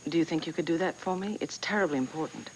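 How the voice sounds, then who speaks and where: A woman's voice: low voice, quick pace, slight background noise, rough recording. An actress playing a determined, gracious woman who presses politely for what she needs, in 1980s soap opera style. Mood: earnest. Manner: gracious but insistent. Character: determined, persuasive woman chasing old files.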